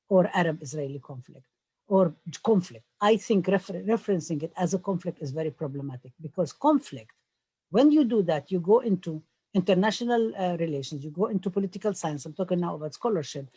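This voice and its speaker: Husky, dry-voiced scholar. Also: mid-range voice, dark tone, dry recording. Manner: halting with fillers, then emphatic. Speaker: scholar on a panel. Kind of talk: panel discussion.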